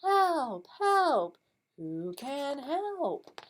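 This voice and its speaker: A woman voicing a small stuck duck crying out for help in a high pleading voice while reading a children's picture book aloud. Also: big pitch swings, very slow, a little hiss or hum, exaggerated voice.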